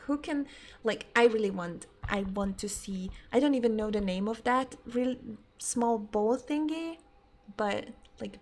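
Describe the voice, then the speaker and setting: A woman's voice: mid-range voice, slight background noise. Chatty young woman streamer, swearing freely. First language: not English. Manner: chatty, swears often, laughs easily. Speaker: game streamer. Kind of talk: casual live-stream chat.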